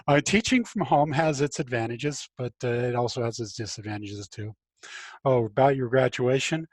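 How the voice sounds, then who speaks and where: A man's voice: medium pitch, no room sound. Chatty male teacher lecturing from home. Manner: relaxed, chatty, many fillers and restarts. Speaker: high school physics teacher. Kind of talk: casual online class lecture.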